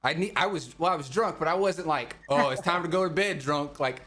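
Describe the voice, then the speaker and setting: Young male podcast co-host, higher-leaning voice, animated and profane storyteller who acts out his quotes. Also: a little fast. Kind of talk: casual storytelling chat.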